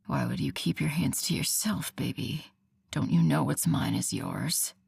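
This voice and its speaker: A woman voicing a male werewolf lover, speaking low, husky and intimate. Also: animated, unhurried, a little mellow, full character voice. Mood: tender.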